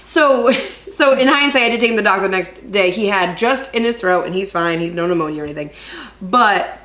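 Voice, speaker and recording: Woman podcast co-host, middle pitch, rambling animated storyteller, echoey room. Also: fairly quick. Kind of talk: casual chat.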